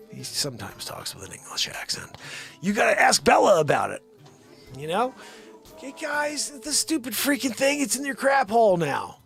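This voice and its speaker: A man's voice: a little high, creaky, fairly bright tone. A man hosting a daily live comedy stream from home, rambling loosely, scolding his dogs and calling out viewers' names.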